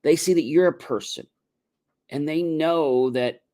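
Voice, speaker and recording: A man's voice: a little high, measured pace, a little mellow. A middle-aged man hosting a motivational livestream, talking casually and acting out both sides of imagined phone calls. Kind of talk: casual spoken advice monologue.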